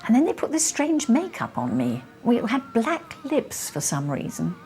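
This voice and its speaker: A woman being interviewed, recalling her childhood with lively, self-mocking humour. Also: fairly high pitch, normal speed, soft background music. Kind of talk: nostalgic interview.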